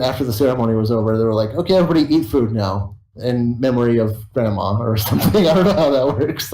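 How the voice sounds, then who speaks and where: A man's voice: mid-range voice, a little mellow. A tired young man rambling casually and swearing freely as he chats with his viewers. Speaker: YouTuber streaming to viewers. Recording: roomy echo.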